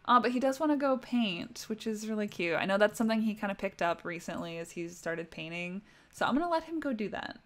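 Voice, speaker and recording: A young woman hosts a relaxed livestream and chats through her life-sim game as she plays. She talks to her characters as if they could hear her, in a casual, unscripted way. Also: mid-range voice, a little fast, hardly any pauses. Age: young adult. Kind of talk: casual gameplay commentary.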